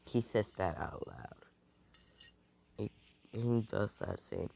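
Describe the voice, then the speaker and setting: A man's voice: deep voice, animated, slow pace, gravelly, pauses often, mellow. A man telling an improvised fan story in a rambling, loose way, in a lo-fi recording. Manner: rambling, loose, with fillers and restarts.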